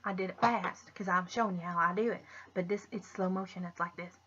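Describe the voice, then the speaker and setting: A woman talks through a casual makeup tutorial in a bright, husky voice, rambling and often restarting her thoughts. She drifts into muttered asides to herself. The recording is dull and lo-fi. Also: lowish voice, fairly even intonation, brisk. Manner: rambling, restarts with "but anyways". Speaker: makeup vlogger.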